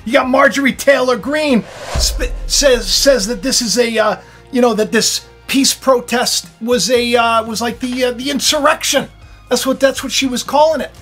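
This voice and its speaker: A man hosting his own spiritual video channel. He talks in a loose, rambling monologue, full of fillers and restarts, and swings from low murmurs to loud outbursts. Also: moderate pace, soft background music.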